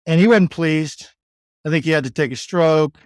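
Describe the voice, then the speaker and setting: Texan man, somewhat high voice, smooth and resonant, casual rambling storytelling, dry close sound. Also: moderate pace, darkish tone, dry recording. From Texas, United States. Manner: loose, rambling storyteller with many "like" and "you know". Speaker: podcast guest, sales executive.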